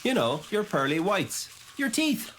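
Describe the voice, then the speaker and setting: A woman's voice: medium pitch, very animated, a little slow, a bit bright, slight background noise. A woman voicing a kindly grown-up in a children's cartoon, speaking in a soothing, encouraging way.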